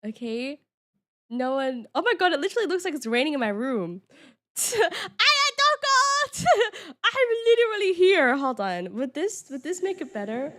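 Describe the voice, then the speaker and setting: Young woman streamer, giggly, bouncy high voice, unhurried chat. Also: a bit bright. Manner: giggly, playful, chatty with chat. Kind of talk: casual live-stream chat.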